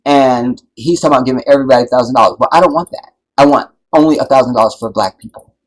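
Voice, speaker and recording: A man hosting a live stream, talking in an impassioned, preachy way that builds to loud, emphatic peaks and keeps checking that his listeners follow. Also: medium pitch, racing, rough recording. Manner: preachy, builds to loud emphatic peaks, keeps asking "you see what I'm saying". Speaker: livestream host.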